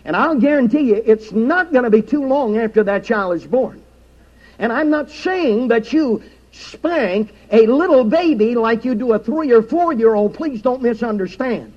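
High-pitched male preacher, emphatic. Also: expressive, normal speed, darkish tone, lo-fi sound. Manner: emphatic preaching cadence, recites scripture. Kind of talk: sermon. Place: church sanctuary.

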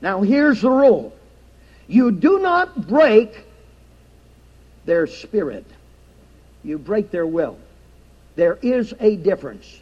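A man preaches from the pulpit with a strikingly high voice and an emphatic, rhythmic cadence as he recites scripture. The recording is dull and lo-fi, with a muffled top end. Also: very animated, slow pace, long pauses, darkish tone. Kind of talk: sermon. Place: church sanctuary.

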